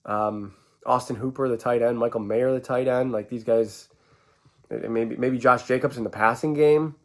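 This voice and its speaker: A man's voice: mid-range voice, steady tone, normal speed. New guy rambling about football, stammers a lot, voice jumps around. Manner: rambling, stammering restarts, swinging inflections. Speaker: sports fan vlogger. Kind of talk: casual sports commentary vlog.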